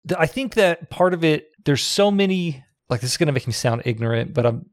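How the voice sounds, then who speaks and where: A man's voice: a little high, expressive, fairly quick, no room sound, studio quality. A man co-hosting a podcast in casual chat, speaking in a blunt, laid-back and opinionated way. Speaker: podcast co-host. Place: Texas.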